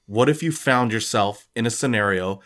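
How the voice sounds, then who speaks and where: A man hosting a casual chat, telling a made-up scenario in a joking, lively way. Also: on the low side, moderate pace. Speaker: podcast host.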